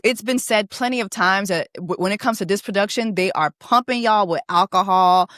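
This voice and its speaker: A woman casually recapping a reality show, animated, profane and laughing as she goes. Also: medium pitch, moderate pace, no echo, clean studio sound. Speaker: reaction vlogger.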